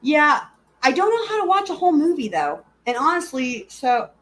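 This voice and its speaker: A woman's voice: high voice, sing-song, moderate pace, fairly bright tone. A woman hosting a live stream, chatting casually and giggling as she answers her viewers.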